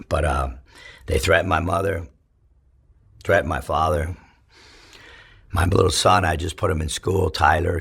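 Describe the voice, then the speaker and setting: Man from california, very raspy voice, low-pitched, profane rambling storyteller, interview. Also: a bit bright. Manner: profane, rambling, fast retelling with many restarts. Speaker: interviewee telling his life story. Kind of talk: casual storytelling.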